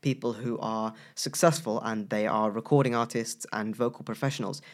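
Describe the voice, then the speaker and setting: Man, voice professional in casual chat, lively with loud playful emphasis. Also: on the low side, moderate pace. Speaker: co-host, voice professional.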